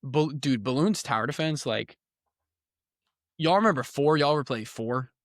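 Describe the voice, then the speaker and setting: A young man chatting on a podcast about video games, with a mid-range voice that is loose, animated and full of slang. The sound is dry and close to the mic, with no room in it. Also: medium pitch, normal speed, dry recording. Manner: slangy, animated gamer talk. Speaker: podcast co-host. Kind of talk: casual chat.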